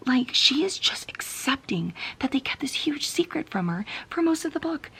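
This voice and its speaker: A woman's voice: high voice, very animated, moderate pace, vocal fry, few pauses, sharp tone, breathy edge. A young woman vlogging about a book she is reading, tired and venting in a frustrated, often whispered late-night rant. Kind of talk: casual reading vlog.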